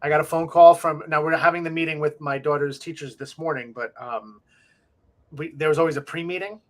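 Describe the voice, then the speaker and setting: A man's voice: a little high, steady tone, fairly quick. A middle-aged man from Long Island co-hosting a casual talk show, rambling and self-deprecating with many restarts. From Long Island, New York. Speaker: co-host. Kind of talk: casual podcast chat.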